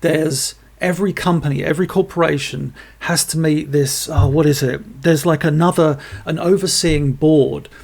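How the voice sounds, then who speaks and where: Gravelly, enthusiastic male podcast host. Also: fairly high pitch, steady tone, moderate pace, few pauses, darkish tone. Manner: enthusiastic, swears casually. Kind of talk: casual film review chat.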